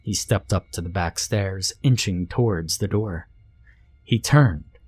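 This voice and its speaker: Slow, low-voiced male horror narrator. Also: a little mellow, husky, faint music behind. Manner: slow, measured storytelling. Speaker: story narrator.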